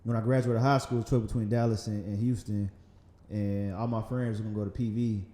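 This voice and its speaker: A man in his thirties with a light Southern accent, a podcast guest talking in a relaxed, rambling way, often laughing and saying "man". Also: lowish voice, brisk, roomy sound. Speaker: magazine founder, podcast guest. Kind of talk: casual interview conversation. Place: podcast studio.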